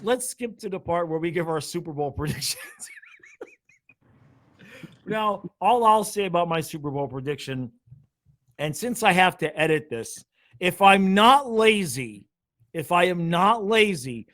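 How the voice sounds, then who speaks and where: A man's voice: high-pitched, fairly bright tone. A man with a slightly raised voice hosts a casual sports chat over a video call. He rambles, laughs easily and pokes fun at his own show. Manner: laughing, rambling, self-mocking. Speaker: show host.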